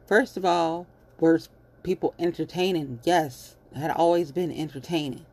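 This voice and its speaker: Blunt, husky low-voiced woman. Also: unhurried. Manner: blunt, animated, swears freely. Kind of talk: casual commentary monologue.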